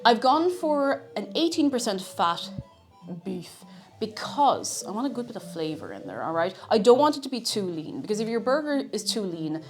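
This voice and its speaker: Playful woman streamer with lively pitch. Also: moderate pace, faint music behind. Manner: playful, rambling, reads out chat messages. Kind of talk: casual live-stream chat while cooking.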